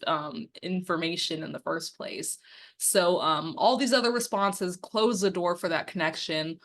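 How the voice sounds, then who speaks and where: A young woman with a slightly low voice walks listeners through a quiz-style lesson. She poses questions, then coaches through the answers in a friendly way, dropping frequent ums along the way. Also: a bit bright. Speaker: media and democracy campaigner. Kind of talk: instructional quiz-style presentation.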